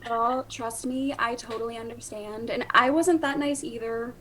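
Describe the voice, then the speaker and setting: A woman player joining in a tabletop game with playful banter. Her voice is fairly high, with faint noise behind it. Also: fairly even intonation, normal speed, a bit bright. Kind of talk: casual chat.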